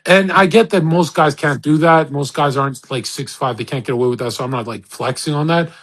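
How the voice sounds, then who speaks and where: A man with a fairly high, husky voice rants in a live audio chat. He is brash and profane, and he rambles with restarts. He slips into quick, mocking impressions of other people. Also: fairly bright tone. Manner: boastful, crude and profane; rambling, with many restarts and acted-out quotes.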